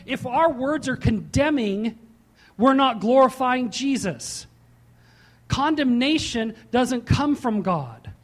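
A man preaching a sermon as pastor, slowing down to stress key points and dropping into chatty storytelling. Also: very high voice, lively intonation. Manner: emphatic, slows and rises for key points, then drops into chatty storytelling.

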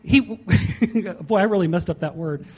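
A man preaching a sermon as pastor, slowing down to stress key points and dropping into chatty storytelling. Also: high-pitched, a little mellow, husky. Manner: emphatic, slows and rises for key points, then drops into chatty storytelling.

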